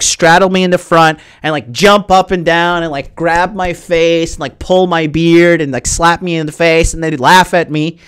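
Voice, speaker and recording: A vlogger in his twenties rants casually to his viewers in a fairly high, smooth voice on a dry recording. He rambles, restarts often and swears a lot.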